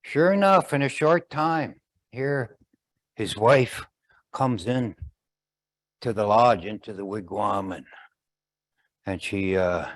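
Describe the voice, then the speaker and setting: A man telling a traditional story slowly, pausing often and explaining as he goes. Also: on the low side.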